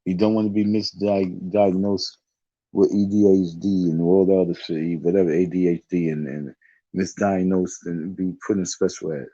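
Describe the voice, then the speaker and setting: A man's voice: low-pitched, flat delivery, moderate pace, dark tone, no room sound, lo-fi sound. A man telling a rambling story in a casual monologue, often restarting his sentences. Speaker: online talk show host.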